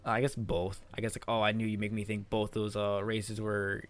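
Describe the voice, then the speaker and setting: A man's voice: fairly low pitch, monotone, fairly quick, soft background music. A man streaming live, chatting casually with his chat and translating manga. He laughs often, swears, and calls people "dog" and "man.".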